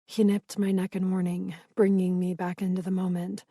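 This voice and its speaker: A woman reading a romance audiobook in the first person, measured and intimate, on a close studio mic. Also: lowish voice, flat delivery, warm tone, husky, no room sound. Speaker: audiobook narrator.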